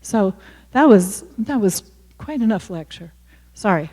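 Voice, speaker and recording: A woman in her sixties from Kentucky, with a softened Appalachian accent, gives a candid, chatty talk to an audience at a university, full of self-deprecating asides, fillers and restarts. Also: medium pitch, lively intonation, unhurried. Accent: Appalachian Kentucky, softened toward neutral. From Kentucky, USA. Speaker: author giving a talk. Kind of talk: casual talk with audience questions. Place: university lecture hall. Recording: hall with long reverb.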